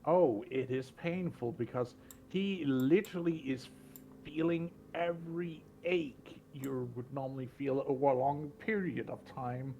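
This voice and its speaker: A man narrating a tabletop role-playing game as game master, describing scenes slowly with fillers. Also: mid-range voice, warm tone, dull audio, a little hiss or hum.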